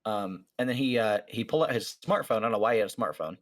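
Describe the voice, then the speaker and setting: A fast-talking man with a lowish voice and lively intonation tells a story on his podcast. Chatting casually, he acts out each person's lines and fills his speech with lots of fillers.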